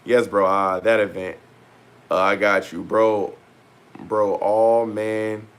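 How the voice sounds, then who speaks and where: A man talking casually to his viewers as a vlogger, loose and rambling with slang and frequent pauses. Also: lowish voice, level tone. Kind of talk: casual talk to camera.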